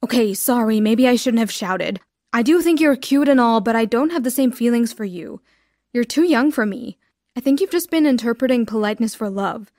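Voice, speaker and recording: A woman's voice: on the high side, animated, moderate pace, darkish tone, no echo. A woman voicing a stern teenage boy who orders an intruder out of his room. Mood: calm. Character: angry teenage boy, the neighbor.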